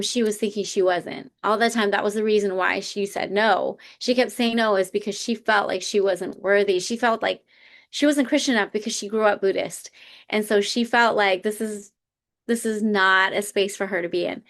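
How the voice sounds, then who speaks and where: A woman's voice: medium pitch, moderate pace. Earnest woman co-host telling a story. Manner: earnest, reflective, retells stories with animated quotes. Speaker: podcast co-host. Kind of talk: casual chat, storytelling.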